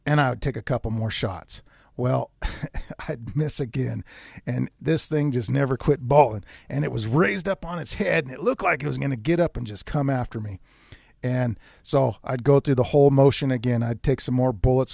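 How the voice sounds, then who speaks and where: A man telling a tense first-person hunting story in a casual, animated way, with some mild swearing. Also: mid-range voice, no echo, clean studio sound. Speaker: outdoors storyteller.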